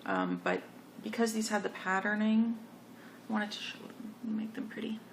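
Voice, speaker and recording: Woman, knitting podcast host, rambling chatty tone, gravelly fry, faint hiss behind. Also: mid-range voice, level tone, moderate pace. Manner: chatty, rambling, self-correcting. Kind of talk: casual show-and-tell chat.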